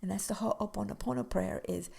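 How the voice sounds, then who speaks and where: A woman who works as a death doula, speaking slowly and reflectively in a casual podcast conversation, sometimes sinking into soft whispers. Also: medium pitch, gravelly, slightly rough.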